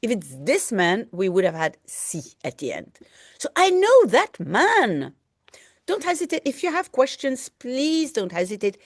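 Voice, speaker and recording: A woman's voice: medium pitch, big pitch swings, normal speed, hardly any pauses, no echo, clean studio sound. A woman language teacher reading a French novel aloud and patiently translating it line by line, explaining vocabulary and often saying "hein".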